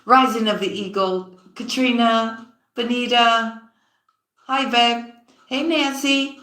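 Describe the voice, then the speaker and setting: Woman, tarot reader, live-stream chat, affectionate, bright voice, echoey room. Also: fairly even intonation, slow pace. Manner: affectionate, calls viewers sweetheart and sis; often drops low and quiet mid-sentence. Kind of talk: casual live-stream chat greeting viewers.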